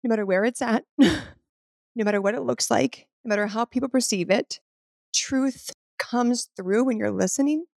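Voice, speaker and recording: Gravelly-voiced woman telling a spiritual story. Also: a little high, normal speed, darkish tone, dry recording, studio quality. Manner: earnest, spiritual, filler-heavy with frequent "like". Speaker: podcast guest. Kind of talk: personal storytelling in conversation.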